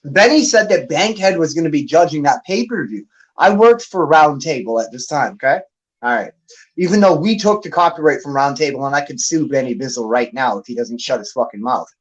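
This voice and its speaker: A man's voice: on the high side, animated, fairly quick, husky, low-quality recording. A man hosting a battle rap league stream, ranting angrily and profanely as he calls someone out. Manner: angry, profane, calling someone out. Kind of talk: heated livestream rant.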